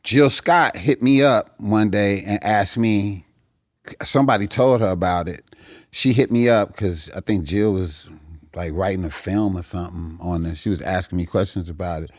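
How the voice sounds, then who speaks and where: Low-voiced comedian telling stories. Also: male voice, moderate pace, dry recording, clean studio sound. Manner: animated, profane, acts out the characters in his stories. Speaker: guest comedian. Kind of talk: storytelling in a podcast chat.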